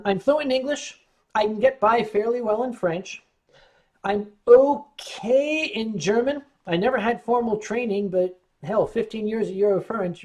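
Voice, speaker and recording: A man's voice: high voice, a little mellow. Wry, tipsy man hosting a livestream. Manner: wry, joking, rambling storyteller. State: tipsy from wine. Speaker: livestream host reading chat. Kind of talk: casual chat on a livestream.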